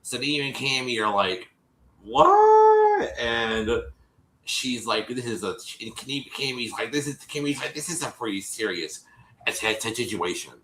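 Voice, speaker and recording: A man co-hosting a casual livestream rambles through a recap of a TV episode, often restarting and acting out the quotes. His mid-range voice moves at normal speed and sounds pushed and bright. The rough recording is roomy, with slight background noise.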